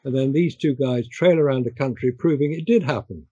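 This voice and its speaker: An older man chatting on a discussion call, pausing and repeating words as he talks. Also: mid-range voice, mellow, husky, no room sound, lo-fi sound. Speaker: guest. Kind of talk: casual chat.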